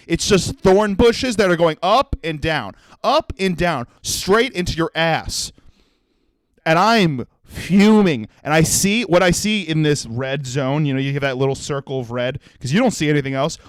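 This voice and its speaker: A young man hosting a comedy podcast, telling a profane, animated story and acting out the people in it. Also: on the high side, dry recording. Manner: profane, animated, acts out voices in his story.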